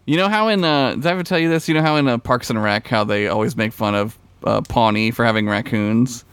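A man's voice: mid-range voice, quick pace, a bit bright, clear, resonant tone, no echo. A man co-hosting a podcast in casual chat, laid-back and swearing freely. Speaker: podcast co-host.

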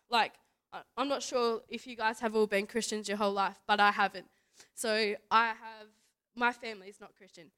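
Chatty and quick to laugh, a young woman gives an informal church testimony as a youth speaker, sprinkling in "like" and "you know" throughout. Her voice is smooth, fairly bright, and sits on the high side.

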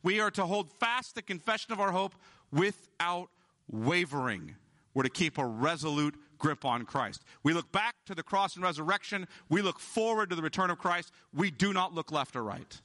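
A man delivers a sermon as pastor, his voice pitched a little high with a bright, forceful edge. He preaches emphatically, drawing out key words to drive them home. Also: lively intonation, normal speed.

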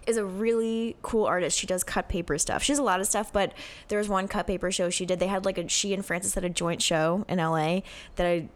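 A woman's voice: lowish voice, steady tone, a little fast. A woman in her thirties co-hosting a podcast, chatting and gushing with lots of ums and likes. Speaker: podcast co-host. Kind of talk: casual chat.

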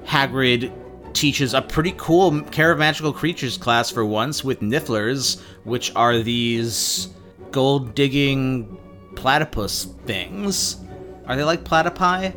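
A male podcast host giving a sardonic, profane chapter-by-chapter recap with quick asides. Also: mid-range voice, a bit bright, soft background music.

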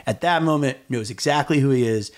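A man's voice: mid-range voice, fairly quick. Rambling male podcast host. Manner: rambling, self-interrupting. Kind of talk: casual film discussion.

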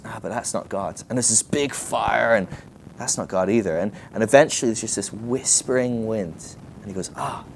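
A young man giving a casual, animated teaching talk at a ministry school, often acting out the quoted voices. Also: on the low side, a little hiss or hum.

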